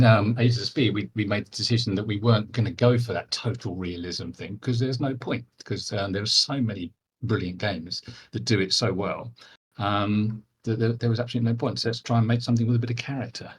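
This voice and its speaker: A man's voice: on the low side, slightly rough. An older man, a veteran game developer, chatting as an interview guest in a hesitant way, with many restarts and fillers. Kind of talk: casual interview chat.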